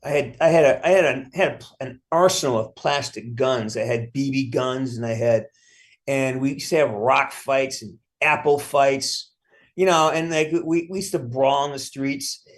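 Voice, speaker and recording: A middle-aged man answering interview questions in a loose, rambling way. He restarts his sentences often and drops casual swear words, with a voice of ordinary pitch for a man. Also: normal speed. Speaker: actor interview guest.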